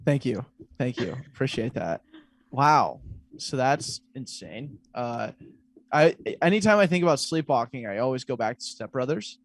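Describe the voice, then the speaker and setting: A man's voice: mid-range voice, animated, moderate pace, no echo. Jokey man hosting a podcast. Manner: jokey, rambling, many fillers. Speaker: podcast host. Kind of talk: casual podcast conversation.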